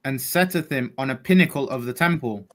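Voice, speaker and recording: A man reading scripture aloud, slow and deliberate. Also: medium pitch. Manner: slow, deliberate, reading old-style verses. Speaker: scripture reader.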